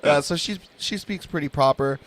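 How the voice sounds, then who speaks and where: A man from Miami with a slight Hispanic Miami accent, chatting in a relaxed way. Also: fairly high pitch, normal speed, crowd noise. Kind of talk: casual chat.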